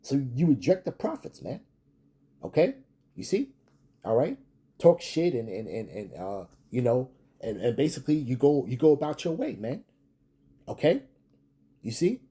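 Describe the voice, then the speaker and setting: Male street preacher, husky mellow voice, stop-start emphatic delivery with rising tags. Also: medium pitch, very animated, normal speed, pauses often. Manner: repetitive, peppers lines with "man" and "okay?". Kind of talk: scripture commentary video.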